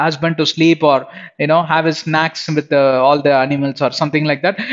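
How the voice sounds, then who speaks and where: A man preaching an emphatic sermon who keeps putting questions directly to his listeners. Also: fairly high pitch. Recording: dull lo-fi sound.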